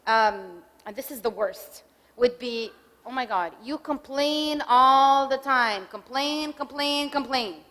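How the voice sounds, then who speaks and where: A middle-aged woman speaks to a group about marriage in a relaxed, conversational way. She slips into short acted-out lines for husbands and wives. Her fairly high voice carries a long hall reverb. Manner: conversational, acts out spouses' lines in quick examples. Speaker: speaker giving a talk. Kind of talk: marriage workshop talk.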